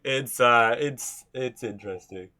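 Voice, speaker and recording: Bright-voiced English Midlands man, rambling chat. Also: medium pitch, a little slow. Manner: rambling, swears often, restarts and stammers. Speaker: livestream host. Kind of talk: casual livestream chat.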